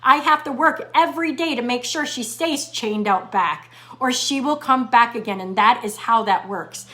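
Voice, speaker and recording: A middle-aged woman hosting a live motivational talk as a fitness coach, reading viewer comments and repeating key lines slowly for emphasis. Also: fairly high pitch, bright, forceful tone. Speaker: fitness coach and show host.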